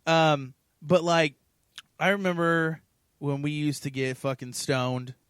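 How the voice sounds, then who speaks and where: A man's voice: on the high side, level tone, takes it slowly, a bit bright, clean tone, no echo, clean studio sound. A man co-hosting a podcast in loose, slangy, profane chat. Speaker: podcast co-host. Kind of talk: casual chat. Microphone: own mic at a desk setup.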